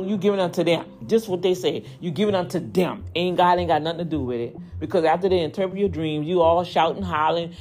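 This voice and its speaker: Animated preachy woman podcaster. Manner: animated, swoops high when preaching, drops low and quiet for asides. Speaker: podcast host. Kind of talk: preachy casual podcast talk.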